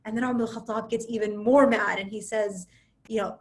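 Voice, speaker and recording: Woman speaker, slightly high voice, lively storytelling, video-call audio, frequent restarts. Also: moderate pace. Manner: animated storytelling, frequent restarts and tag questions. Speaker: speaker giving a religious reminder. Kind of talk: casual religious storytelling talk.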